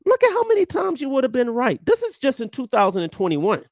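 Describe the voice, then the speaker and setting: A man teaching an energetic online trading lesson, animated, emphatic and blunt with his viewers. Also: very high-pitched, fast talker, dry recording. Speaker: trading coach.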